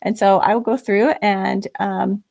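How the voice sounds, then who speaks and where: A woman's voice: mid-range voice, level tone, a little slow, vocal fry, darkish tone. A woman co-host of a writing podcast, chatting casually and moving on to listener questions. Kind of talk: casual interview chat.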